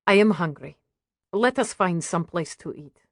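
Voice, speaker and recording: A woman's voice: fairly low pitch, measured pace, dry recording, clean studio sound. A woman voicing a reserved older mother born in Russia, who speaks formally and tersely. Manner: terse, formal speech without contractions.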